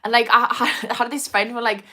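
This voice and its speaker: A woman's voice: fairly high pitch, little pitch movement, fast talker, sharp tone. A woman with a North East English accent, an addiction recovery coach chatting on a live stream, rambling with many restarts. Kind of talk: live stream chat answering comments.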